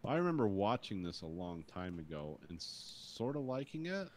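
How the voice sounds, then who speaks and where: A man's voice: low-pitched, sing-song, moderate pace, darkish tone, slight background noise. A man co-hosting a podcast, chatting casually and rambling about a movie with some swearing. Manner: laid-back, rambling, profane. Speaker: podcast co-host.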